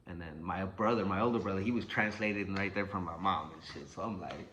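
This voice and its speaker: A young man casually telling a personal story, animated and profane, acting out what people said. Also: deep voice, brisk, a little hiss or hum, rough recording. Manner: animated, profane, acts out quotes.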